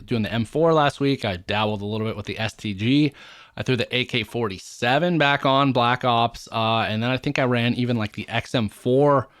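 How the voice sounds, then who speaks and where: A man's voice: medium pitch, a bit bright, no echo, clean studio sound. A man co-hosting a casual gaming podcast, talking in a chatty, rambling way and listing weapons at length. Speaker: podcast co-host.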